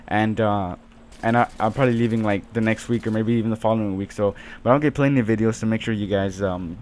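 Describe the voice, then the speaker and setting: A man's voice: on the low side, darkish tone, slight background noise. A teenage man telling a rambling story full of fillers over his gameplay, as host of his gaming channel. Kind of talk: casual gameplay commentary.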